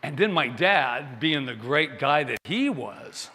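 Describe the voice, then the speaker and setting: A man's voice: mid-range voice, animated, takes it slowly, bright, forceful tone, in a large hall. A male minister giving a Sunday sermon in a chatty way, joking with the congregation and asking them questions.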